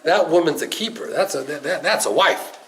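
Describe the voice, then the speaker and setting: Man, rabbi telling a story, lively and expressive, slightly raised pitch, faint hiss behind. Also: fairly quick, poor audio. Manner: animated, laughing storyteller. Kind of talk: storytelling sermon.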